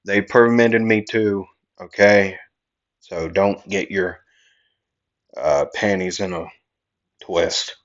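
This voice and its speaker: A man's voice: low voice, steady tone, slow, pauses often, muffled recording. A man voicing a self-assured young male hero who brushes off a rival in a matter-of-fact, dismissive way.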